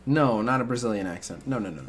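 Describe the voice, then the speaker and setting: Chatting with viewers during a mobile game stream, this young man talks quickly in a mid-range voice. He rambles casually, leaning heavily on fillers like "like" and "uh."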